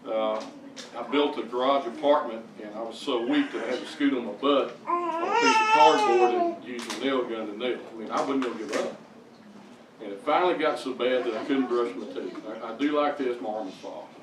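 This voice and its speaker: A man's voice: mid-range voice, big pitch swings, a little fast. An older man giving a personal testimony in a church hall, telling it in a folksy way with stammering restarts. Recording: echoey, distant mic, background noise.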